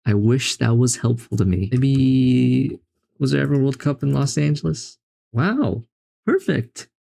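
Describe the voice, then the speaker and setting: A young man with a low, mellow voice and a gravelly edge talks through a string of geography puzzles as he plays. He thinks aloud, mocks himself and sounds exasperated at his own guesses. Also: measured pace. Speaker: gaming video host. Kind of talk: casual commentary while playing.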